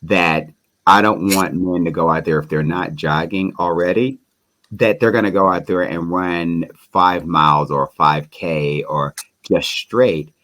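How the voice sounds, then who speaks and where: A man with a very low, deep voice speaks in relaxed conversation. He thinks back over what was just said and draws out the lesson. He sounds like a co-host adding his view. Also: a little slow. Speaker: podcast co-host. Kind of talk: casual chat.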